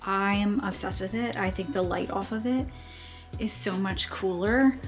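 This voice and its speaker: In her bedroom at home, a young woman vlogs casually to the camera, gushing and being playfully, self-awarely dramatic. Her voice is mid-range at a normal speed, with soft music in the background.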